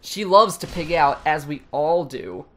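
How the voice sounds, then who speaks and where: A woman's voice: low-pitched, expressive, unhurried, a bit bright. A woman co-hosting a casual gaming show, reading aloud with sarcastic mock enthusiasm. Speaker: co-host.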